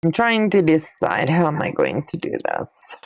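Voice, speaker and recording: A woman's voice: deep voice, wildly swooping pitch, moderate pace. A middle-aged woman, hosting a casual quilting livestream in a chatty, folksy way while answering viewer comments. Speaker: quilting channel host.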